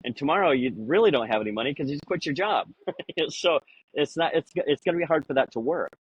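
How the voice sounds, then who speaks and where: A man in a casual podcast conversation, rambling through anecdotes with lots of "you know" and acting out quoted lines in a higher voice. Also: animated, quick pace, slightly rough, no echo, dull audio. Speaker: podcast guest.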